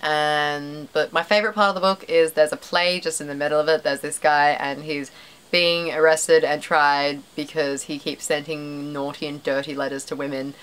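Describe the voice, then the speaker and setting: Chatty low-voiced young Australian woman. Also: fairly even intonation, moderate pace, fairly bright tone, clear, resonant tone, rough recording. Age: young adult. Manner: chatty, rambling, self-deprecating, frequent fillers. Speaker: vlogger. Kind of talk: casual chat to camera.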